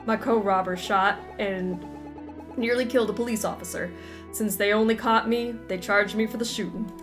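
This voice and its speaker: A woman's voice: medium pitch, steady tone, moderate pace, music in the background, close to an everyday voice. A woman reading the lines of a folksy male barber who is secretly an escaped convict, using drawling, homespun turns of phrase as game dialogue. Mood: confessing.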